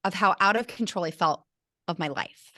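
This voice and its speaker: A woman's voice: on the low side, moderate pace, sharp tone, no room sound, studio quality. A middle-aged woman, a teacher and burnout coach, telling a personal story earnestly and with feeling as an interview guest, often restarting her sentences. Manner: earnest, emotional, with many restarts.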